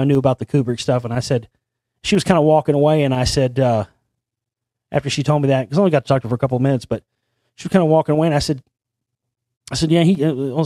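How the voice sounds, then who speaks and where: A man's voice: fairly high pitch, darkish tone, no room sound, studio quality. A male host telling a long story in a meandering, conspiratorial way, often restarting his sentences. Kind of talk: rambling storytelling monologue.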